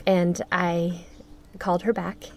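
A woman speaking as an interview guest, telling a personal story earnestly with frequent pauses and restarts. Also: lowish voice, flat delivery, a little hiss or hum. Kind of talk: conversational storytelling.

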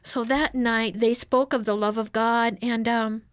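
A woman's voice: a little high, steady tone, a little slow, smooth, no echo. A woman guest on an interview, telling her life story in an earnest, emotional way. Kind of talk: personal testimony in an interview.

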